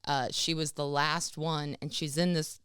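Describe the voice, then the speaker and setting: A woman co-hosting a casual comedy podcast, telling stories in a chatty way and laughing often. Her voice sits low and sounds smooth and clear. The recording is dry and close. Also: a little slow, dry recording. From United States. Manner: lively, chatty storyteller. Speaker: podcast co-host.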